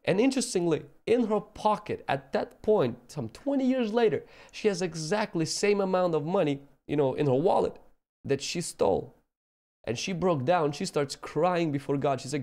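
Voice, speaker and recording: Earnest preacher, a man with a higher voice. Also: animated, normal speed, a little mellow. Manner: earnest, acts out quoted voices. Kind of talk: sermon with personal stories.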